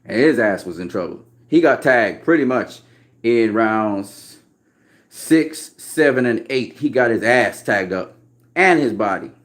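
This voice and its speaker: A man's voice: lowish voice, animated, unhurried. A man, a boxing trainer, giving his opinions in casual, emphatic talk, repeating his points bluntly and with profanity.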